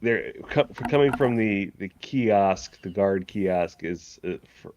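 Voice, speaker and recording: A man's voice: lowish voice, animated, slow pace, highs cut off, background noise. A man narrating as game master of a tabletop game, rambling and correcting himself, often laughing.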